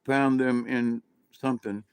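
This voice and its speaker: A man rambles through a casual monologue, often stopping to restart his sentences. His voice sits at a middle pitch, and the recording is dry and close. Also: level tone, a little slow, a little mellow, clear, resonant tone, no room sound. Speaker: vlogger, self-described channeler.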